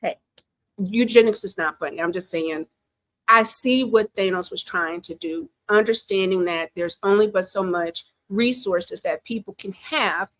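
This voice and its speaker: A woman talks through pop culture in a casual home commentary. Her voice sits at an everyday middle pitch, and her delivery is animated, chatty and full of strong opinions. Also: measured pace, no room sound.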